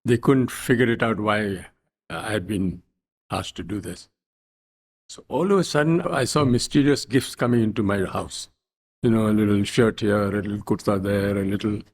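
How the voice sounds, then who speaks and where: An older man from India, a guest telling wry stories in an unhurried, anecdotal way in an interview. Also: lowish voice. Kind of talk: storytelling interview.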